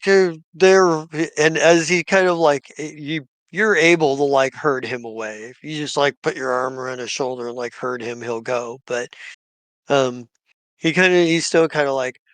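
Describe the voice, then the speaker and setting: A man narrating as game master in a live tabletop game, halting, with many "uh" and "like" fillers. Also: fairly high pitch, a bit bright, clean tone, no room sound. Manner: halting, full of "uh" and "like".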